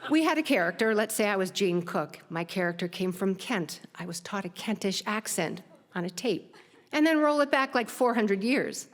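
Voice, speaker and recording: A middle-aged woman tells a personal story from a theater stage, her voice sitting at an ordinary pitch for a woman. She is lively and pokes fun at herself. Her voice carries a long hall reverb. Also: moderate pace. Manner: lively, self-mocking, laughing at her own tale.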